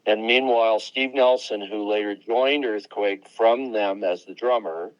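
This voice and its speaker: A man's voice: fairly low pitch, a little slow, dry recording. A man in his seventies, a musician being interviewed, telling rambling anecdotes in a casual chat. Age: 70s. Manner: rambling, anecdotal, name-dropping. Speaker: guest musician. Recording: dull lo-fi dry sound.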